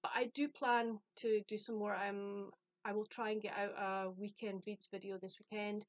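A woman's voice: mid-range voice, little pitch movement, moderate pace, no room sound, low-quality recording. A woman from the UK chatting casually about a book she received, rambling and self-deprecating. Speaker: book vlogger. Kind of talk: casual chat.

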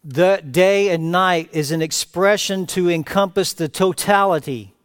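A man preaching a sermon in a fairly high voice, recorded close and dry. He delivers it with passion, rising to emphatic, louder phrases and then dropping to quiet, low-spoken lines. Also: a little slow, clear, resonant tone, no echo. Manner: impassioned, swinging from raised emphatic cries to hushed low phrases. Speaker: pastor.

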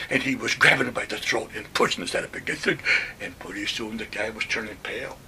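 An older man from Western New York, a WWII veteran, telling his stories in a recorded oral history, animated and acting out the voices of others. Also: on the low side, fast, creaky, far from the mic, slight background noise. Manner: animated storyteller, acts out quotes, chuckles.

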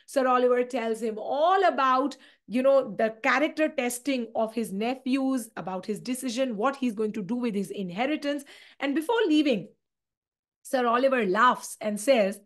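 A woman with an Indian English accent gives an exam-prep literature lecture. Her voice is high and her retelling is animated, with Hindi asides mixed in. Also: moderate pace. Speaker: literature teacher.

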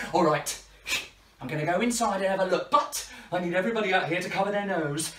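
A woman hosting a children's party show, playful and high-energy with lots of laughter. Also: fairly quick, background noise. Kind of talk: lively children's show patter. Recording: echoey room, distant mic, faint music.

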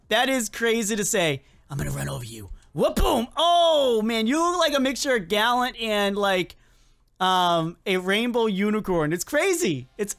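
A gaming channel host giving excitable, chatty let's-play commentary, often repeating the same phrase several times. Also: medium pitch.

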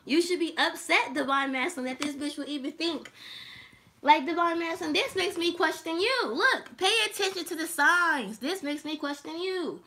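Bright, high-voiced woman reading tarot. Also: normal speed. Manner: animated, laughing, profane and teasing. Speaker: tarot reader.

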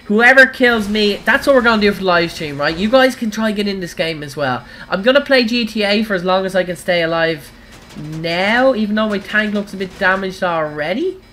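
A woman's voice: medium pitch, fairly quick, slight background noise. Giggly Irish woman streaming a game. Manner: giggly, excitable, frequent squeals and shouts. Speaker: gaming livestreamer. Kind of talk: live gameplay commentary.

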